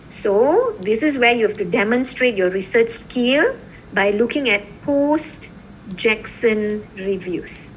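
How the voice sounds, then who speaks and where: A woman lecturing a law class, her voice sitting a little high and swinging widely in pitch. She keeps tossing in quick checks with her students as she explains. A faint hiss sits under the recording. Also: poor audio. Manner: lively, repeatedly checking in with "okay?" and "right?".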